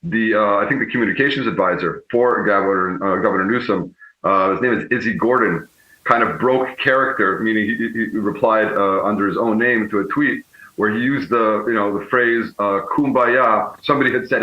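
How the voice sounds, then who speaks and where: A man speaking as a political strategist guest, measured and often correcting himself mid-sentence. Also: on the low side. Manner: measured, frequently self-correcting. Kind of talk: remote guest commentary. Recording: echoey, muffled remote feed.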